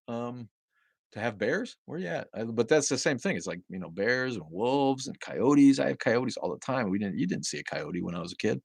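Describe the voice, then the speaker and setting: A man's voice: medium pitch, very animated, normal speed, creaky, pushed and bright, breathy edge, dry recording. A middle-aged man hosting a livestream, chatting casually with viewers and rambling profanely between their comments. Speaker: livestream host reading viewer chat.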